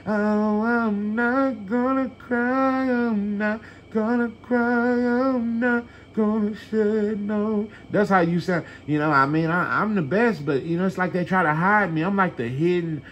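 A man's voice: high voice, unhurried, a bit bright, dull audio, slight background noise, pitched above the performer's own voice. Man mocking a whiny self-pitying guy. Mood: whining mockery.

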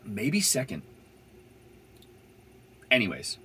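A man's voice: fairly low pitch, huge pitch swings, slow, sharp tone, breathy edge. A young man telling a van-life story in a casual, rambling way, full of fillers and swearing. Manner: rambling, laid-back, swears freely, many "like" fillers.

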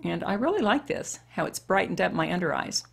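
A woman's voice: lowish voice, sing-song, brisk, vocal fry, husky. A woman over fifty chatting her way through a makeup tutorial and talking straight to women viewers. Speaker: beauty vlogger. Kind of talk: casual makeup tutorial chat.

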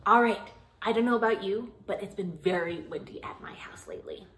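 A young woman leading children's singing time, speaking gently and encouragingly between songs. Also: mid-range voice, brisk. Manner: gentle, encouraging, sings along. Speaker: children's music leader.

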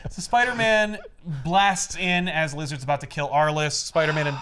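A man casually recapping a comic book for friends, animated and acting out character lines in quick voices. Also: fairly high pitch, a little hiss or hum. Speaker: comic podcast host recapping a comic.

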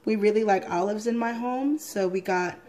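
A woman's voice: medium pitch, moderate pace, darkish tone. A woman in her thirties talking through a salad in her home kitchen, chatty, with frequent ums and price notes. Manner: chatty, thrifty price talk with fillers. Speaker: vlogger. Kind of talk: casual cooking vlog.

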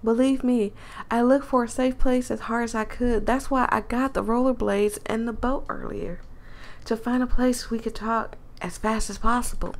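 A woman's voice: on the high side, fairly even intonation, moderate pace, natural voice. Woman doing a bold country girl pilot. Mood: confiding. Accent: put-on American country accent. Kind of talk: reading a story game aloud in character.

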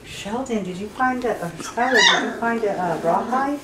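A woman's voice: on the high side, normal speed, hardly any pauses. A woman breeder talking casually about her puppies, slipping into cooing baby talk. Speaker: dog breeder. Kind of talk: casual vlog narration. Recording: roomy, from far off, noisy.

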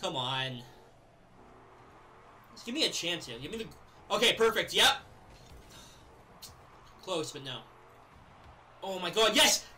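A young man giving live commentary over his own gameplay, chatting casually and then yelling and laughing at big plays. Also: high-pitched, slow pace, long pauses, slight background noise. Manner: excitable, yells and laughs at plays. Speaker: gaming video creator.

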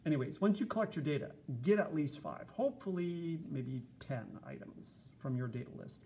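A man's voice: fairly high pitch, expressive, moderate pace, vocal fry, warm tone. A man giving a casual, chatty screencast lesson, explaining step by step with fillers. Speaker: teacher.

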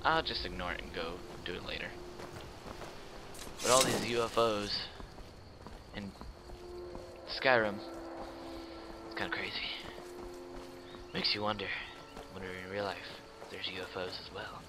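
A man's voice: fairly low pitch, steady tone, a little slow, long pauses, background noise. A man casually commenting on his own gameplay, joking and talking to himself. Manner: playful, jokey, talks to himself. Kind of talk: casual let's-play commentary.

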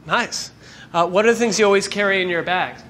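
Interviewer: brisk, upbeat man firing off quick questions, faint music under him. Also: high voice, fairly bright tone. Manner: brisk, upbeat, laughs easily.

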